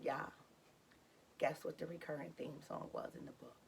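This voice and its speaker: A woman tells her viewers a personal story in a casual, lively way, speaking to them directly and acting out what people said. Her voice sits low and gravelly at normal speed, with slight background noise.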